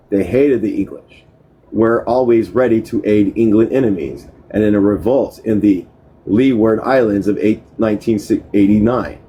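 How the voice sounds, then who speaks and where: A man's voice: lowish voice, dark tone, slightly rough, low-quality recording. A man reading a history book aloud, often stumbling over words, restarting them and correcting himself. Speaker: book reader.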